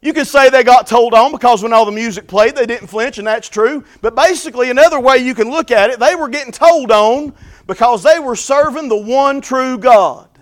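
A man preaching a fervent sermon, moving between quiet folksy stories and loud repeated calls of blessing. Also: very high voice, fairly quick, few pauses.

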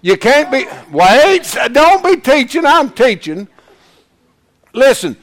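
A man teaching a Bible class in sermon style, folksy and animated, breaking into shouts to press a point. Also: extremely high pitch, takes it slowly.

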